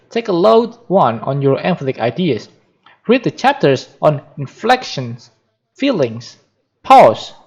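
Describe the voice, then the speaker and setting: A man with a fairly high voice reads a book aloud for practice, his pitch rising and falling in lively swings. He goes carefully, often stopping to restart and correct a word. The recording sounds dull and lo-fi. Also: husky. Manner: careful reading with frequent restarts and self-corrections. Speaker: reader practicing reading aloud.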